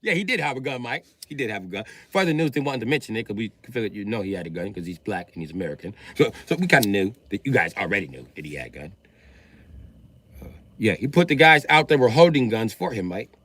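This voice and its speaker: A man's voice: on the low side, big pitch swings, quick pace, fairly bright tone. A man live-streaming, riffing comedically in a brash, profane way and constantly addressing someone by name. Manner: brash, profane, keeps addressing an imaginary listener. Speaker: livestreamer.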